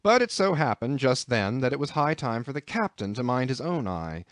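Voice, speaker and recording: A man's voice: mid-range voice, animated, moderate pace, no echo. Man narrating an audiobook, dry close sound.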